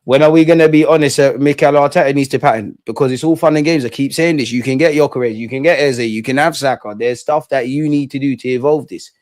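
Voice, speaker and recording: A young man hosting a live football watch-along, blunt and slangy, chanting and shouting when his team scores. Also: medium pitch, quick pace, hardly any pauses, no echo, clean studio sound.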